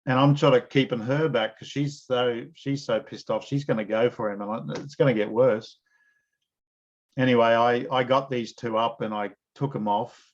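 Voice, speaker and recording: A man's voice: mid-range voice, moderate pace, muffled recording. Man telling blokey stories. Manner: animated storyteller, blokey slang. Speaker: interviewer. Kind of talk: casual storytelling in an interview.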